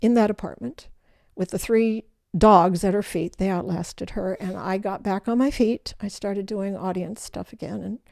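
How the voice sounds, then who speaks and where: An older woman, the guest in an interview, telling her life story in an animated way and acting out the voices of people in it. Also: medium pitch, moderate pace, gravelly, few pauses, no echo, clean studio sound. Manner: animated storyteller who acts out quoted voices.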